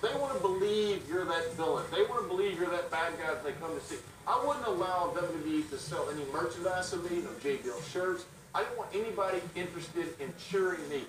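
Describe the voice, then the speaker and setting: A middle-aged man, a guest in an interview, telling stories in an animated, quick way with restarts. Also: high voice, slight background noise. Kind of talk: storytelling in a casual interview. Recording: roomy sound from a distant mic.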